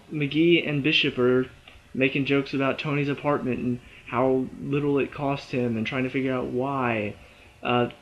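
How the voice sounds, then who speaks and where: A man giving a casual, animated spoken review of a TV episode, chatty and full of "you know" and "uh". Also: mid-range voice, highs cut off.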